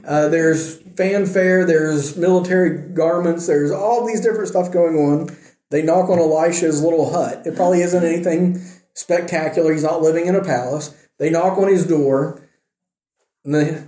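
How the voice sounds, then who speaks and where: Sex: man. Role: Bible study teacher. Style: casual, animated storytelling with joking asides. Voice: high and mellow. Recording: echoey room.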